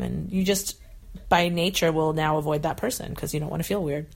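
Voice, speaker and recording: A woman with a somewhat low speaking voice, chatting as a guest. She talks in a lively, rambling way, with plenty of fillers and acted-out quotes. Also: brisk, vocal fry. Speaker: guest, author. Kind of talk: casual chat.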